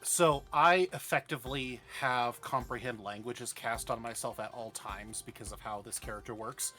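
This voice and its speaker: A man playing a tabletop role-playing game, animated and laughing, sometimes stumbling over his words. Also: medium pitch, moderate pace, soft background music. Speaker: player. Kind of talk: tabletop role-play chat.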